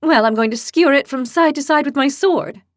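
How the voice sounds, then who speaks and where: A woman's voice: high-pitched, fairly quick, no room sound, clean studio sound, pitched above the performer's own voice, lightly acted. A woman voicing a hot-tempered young horned woman who speaks bluntly and sarcastically. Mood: angry.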